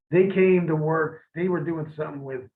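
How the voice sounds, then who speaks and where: Man, higher pitch, swears a lot, rambles through anecdotes over a tinny phone-like line. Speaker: interview guest, former pro wrestler. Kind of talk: casual storytelling.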